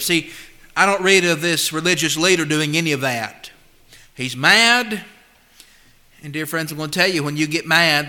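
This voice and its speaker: Man, preacher, sermon, high voice, emphatic, slow deliberate scripture reading. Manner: emphatic, swings between loud and hushed; reads scripture slowly and deliberately.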